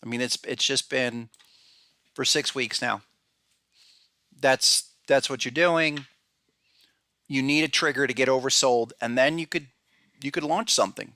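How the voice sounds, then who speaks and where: This podcast host and trading analyst talks through charts casually and ramblingly, restarting often, using fillers, and naming viewers as he goes. His medium-pitched voice has a sharp tone and a measured pace, with frequent pauses and no echo.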